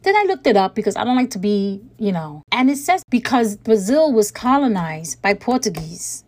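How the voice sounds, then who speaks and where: A woman hosts a casual podcast in her own plain voice, chatting straight to listeners. She tells stories with lively energy, acts out both sides of a conversation with exasperated emphasis, and laughs often. Her pitch sits in the middle range. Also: moderate pace. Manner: chatty, animated, reenacts dialogue with exasperated emphasis; laughs often while talking. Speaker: podcast host. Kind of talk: casual storytelling chat.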